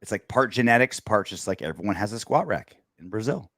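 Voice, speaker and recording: Lively, low-voiced man joking on a podcast. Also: fairly quick, no room sound, clean studio sound. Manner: joking, crude banter. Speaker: podcast co-host. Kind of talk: casual chat, post-game podcast.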